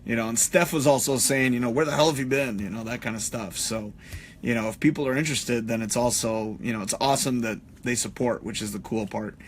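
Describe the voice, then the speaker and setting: A middle-aged man chatting on a live stream in a loose, rambling way. He swears freely and fills his talk with "uh" and "you know". His voice sits at an ordinary middle pitch. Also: brisk, a little hiss or hum. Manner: rambling, profane, many fillers. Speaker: podcast host. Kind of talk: casual live-stream chat.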